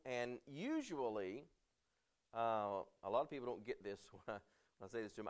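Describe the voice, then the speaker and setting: A man preaching a conversational sermon, reading scripture slowly and loudly, then talking with the congregation using questions, fillers and restarts. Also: lowish voice, clean tone. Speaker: pastor.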